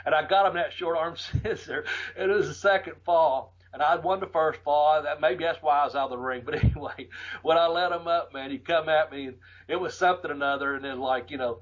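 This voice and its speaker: A middle-aged man, a podcast host casually telling profane, animated stories and laughing often. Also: fairly high pitch, brisk, rough recording. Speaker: podcast host and former wrestler. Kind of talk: casual storytelling.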